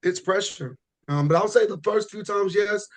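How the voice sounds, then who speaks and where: A man talking as a podcast guest in a relaxed, rambling way, often restarting his sentences. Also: sits high, brisk. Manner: relaxed, rambling with frequent restarts and "you know". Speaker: podcast guest, pro bodybuilder. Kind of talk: casual podcast chat.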